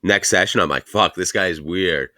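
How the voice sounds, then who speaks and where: Guy with a real low voice, swearing his way through a long rambling story on a podcast, dry close sound. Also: moderate pace, bright, forceful tone, no echo. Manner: rambling profane storytelling, laughing often. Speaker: podcast co-host. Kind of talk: casual podcast chat.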